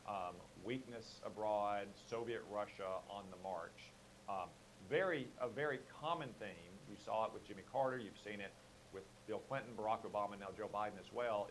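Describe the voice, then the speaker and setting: A lower-pitched man makes his case as a political guest on a radio show, steady and argumentative, often pausing on "uh" and "um." A faint hiss sits under his voice on the line. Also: rough recording. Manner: measured, argumentative, with frequent fillers. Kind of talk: radio interview.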